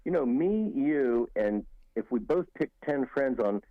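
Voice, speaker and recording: A man's voice: mid-range voice, lively intonation, measured pace, dry recording, narrow, tinny audio. A man guest on a talk radio show giving rambling political commentary with frequent restarts and emphatic asides.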